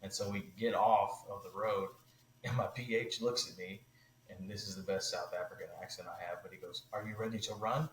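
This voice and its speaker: A man telling a hunting story on a podcast, animated and loose, full of "like" and "you know". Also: sits low, a little fast, echoey room, a little hiss or hum, rough recording. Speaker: podcast guest.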